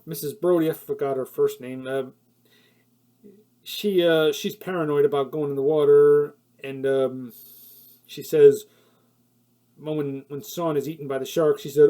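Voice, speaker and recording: Rambling man with a mellow voice. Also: a little high, normal speed. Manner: rambling, with many fillers and self-corrections; laughs at his own points, gets heated when annoyed. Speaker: film reviewer. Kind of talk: casual spoken film review.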